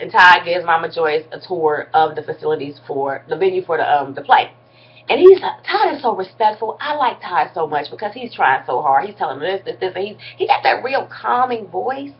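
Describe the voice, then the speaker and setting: A woman's voice: medium pitch, expressive, moderate pace, dull audio. A woman vlogger giving a casual, blunt and slangy recap of a reality TV episode, with some mild cursing.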